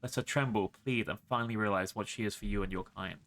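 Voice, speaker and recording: A man's voice: on the low side, fairly even intonation, fast, a bit bright, voice pushed down. A man reading as a sinister insinuating count. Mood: menacing. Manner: insinuating, chilling.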